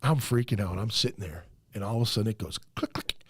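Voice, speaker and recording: A man's voice: fairly low pitch, fast, a bit bright, husky. A man hosting a podcast, telling a profane story in casual chat and acting out the voices of the people in it. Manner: acts out other people's voices.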